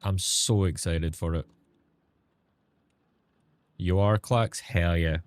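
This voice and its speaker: A man's voice: low-pitched, steady tone, slow, no room sound. A man streaming a game, chatting casually with viewers in a sarcastic tone and swearing freely.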